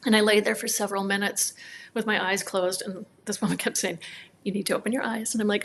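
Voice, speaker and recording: A woman's voice: medium pitch, quick pace, slight background noise. Heartfelt woman telling a personal story. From northern Minnesota, USA. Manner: animated storytelling, acting out quoted dialogue. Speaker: guest, chiropractor.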